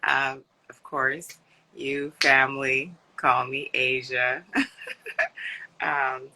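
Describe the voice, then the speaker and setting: A cheerful woman guest with a very bright, sharp tone, giggling between her ums. She talks easily about her work. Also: extremely low pitch, level tone, very slow, poor audio. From United States. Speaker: guest actress and director. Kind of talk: live online interview.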